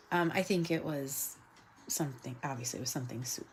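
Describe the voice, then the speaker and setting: A woman artist hosting her show, chatting casually and rambling with lots of fillers and quick laughs as she draws. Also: low-pitched, creaky, slight background noise. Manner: laughs often. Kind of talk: casual chat while drawing.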